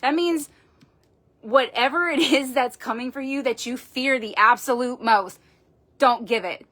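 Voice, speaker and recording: A woman's voice: high voice, unhurried, fairly bright tone. A woman doing a live-streamed tarot reading, talking in an emphatic, folksy way and swearing casually into a phone. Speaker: tarot reader.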